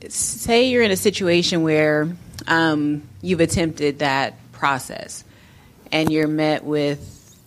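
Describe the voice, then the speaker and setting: A woman from the audience asking a preacher a question, hesitant and reflective, with many pauses and restarts. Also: sits low.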